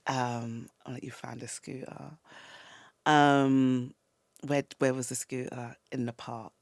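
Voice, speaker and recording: A woman, a podcast guest telling a personal story in a casual, animated way. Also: very deep voice, slow pace, no room sound, studio quality. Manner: animated storyteller acting out quoted lines. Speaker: guest, toy brand founder.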